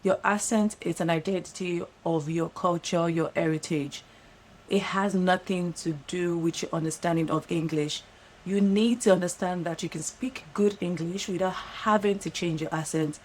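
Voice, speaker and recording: A woman with a Nigerian accent giving earnest, fast-talking advice straight to camera, often checking in with "right?". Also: fairly low pitch, fairly even intonation, darkish tone, a little hiss or hum, low-quality recording. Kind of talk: direct-to-camera monologue. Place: lives in London.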